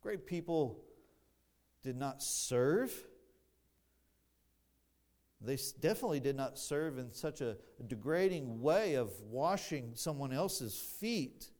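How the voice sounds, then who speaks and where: A man preaching an expository sermon, slow and deliberate, building louder on emphatic phrases, with dry asides to the congregation. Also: mid-range voice, lively intonation. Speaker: pastor.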